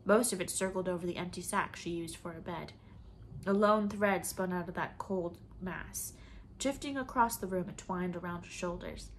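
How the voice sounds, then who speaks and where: A woman reading a novel aloud in measured, expressive storybook narration. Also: fairly low pitch, slight background noise. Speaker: audiobook reader.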